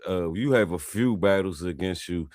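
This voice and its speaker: A man's voice: low voice, normal speed, darkish tone, dry recording, studio quality. A male comedian hosting a podcast, chatting in a laid-back, slangy way. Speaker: podcast host. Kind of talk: casual podcast chat.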